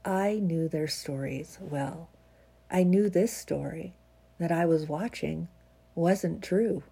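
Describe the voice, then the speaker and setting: Daily vlogger, woman, stuffy from a cold, husky and dark in tone, earnest reader. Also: fairly low pitch, slow pace. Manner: warm, earnest, chuckles often. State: congested, stuffy nose. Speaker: vlogger reading her own writing. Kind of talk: casual chat, then a reflective reading.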